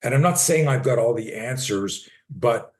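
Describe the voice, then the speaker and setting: A man in his sixties, a personal defense coach, speaks in an interview with a mid-range, expressive voice at a moderate pace. He's blunt and emphatic, swears freely, and acts out short role-play scenes while teaching.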